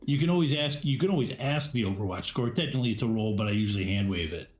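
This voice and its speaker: A man's voice: lowish voice, animated, reverberant. A man narrating a tabletop game as game master, hesitant and full of fillers and restarts. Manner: halting, many fillers and restarts.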